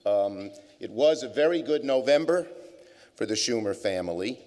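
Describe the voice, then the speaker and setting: A man's voice: mid-range voice, lively intonation, moderate pace, a little mellow. An older man giving a public speech at a business forum, telling wry anecdotes with plenty of fillers. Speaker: keynote speaker. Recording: long hall reverb.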